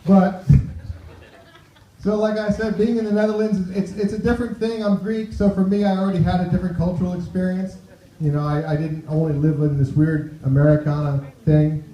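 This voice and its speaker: High-voiced man doing stand-up. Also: flat delivery, normal speed, warm tone. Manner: chatty, tossing asides to the crowd. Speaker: stand-up comedian. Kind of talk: stand-up set. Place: club stage. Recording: roomy, dull club recording.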